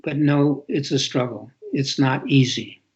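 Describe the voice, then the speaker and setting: A man's voice: medium pitch, unhurried, husky. A man in his eighties from New York City, an author speaking reflectively in an interview, often repeating words for emphasis. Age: 80s. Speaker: author guest. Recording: lo-fi muffled audio.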